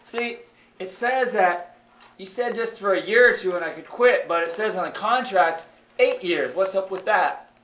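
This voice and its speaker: A man voicing a calm, skeptical young activist puppet who speaks quietly in a live puppet show, recorded in an echoey hall. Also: sits high, moderate pace, a little hiss or hum. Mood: questioning.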